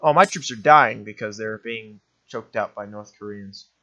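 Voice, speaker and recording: A young man gives offhand, rambling let's-play commentary while playing a strategy game, often correcting himself. His voice is on the low side, bright and forceful in tone, at normal speed, and the sound is lo-fi.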